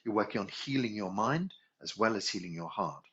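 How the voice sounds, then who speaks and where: A man's voice: lowish voice, expressive, brisk, a bit bright, a little hiss or hum. A man teaching a healing class, musing aloud, correcting himself and chuckling as he goes. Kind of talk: relaxed spoken class instruction. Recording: dull lo-fi recording.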